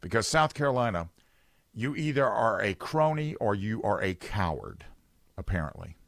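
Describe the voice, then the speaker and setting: A man's voice: fairly low pitch, sing-song, moderate pace, creaky, a bit bright, dry recording. A man hosting a talk radio show, rambling and sarcastic in an opinionated chat from a studio.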